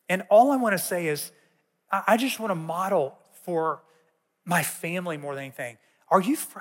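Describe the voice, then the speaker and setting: A man's voice: sits high, fairly bright tone. A man teaching a sermon in a conversational way, telling personal stories to a church audience. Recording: long reverb of a large hall.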